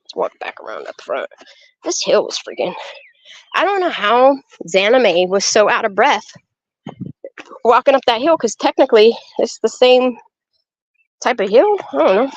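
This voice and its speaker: A woman's voice: on the high side, normal speed, pauses often, no room sound. Chatty woman touring her garden outdoors. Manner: chatty and excitable, swears freely, talks straight to viewers. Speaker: vlogger giving a garden tour. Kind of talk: casual walk-and-talk vlog. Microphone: handheld phone camera. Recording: slightly dull phone audio.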